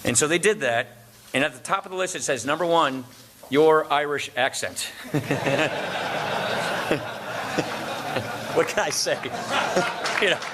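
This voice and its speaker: A middle-aged man from Wisconsin giving a formal luncheon speech, and he pauses for laughs after his punchlines. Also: fairly high pitch, heavy background noise. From Wisconsin, USA. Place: large banquet room. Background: audience laughter and room ambience.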